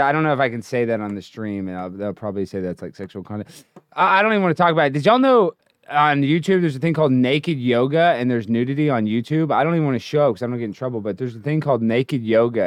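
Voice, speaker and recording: A brash, boastful man hosts a comedic livestream, swinging from loud bragging to low mumbles. His voice sits in an ordinary middle pitch. It is recorded close and dry, with no room sound. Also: no echo. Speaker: livestream host.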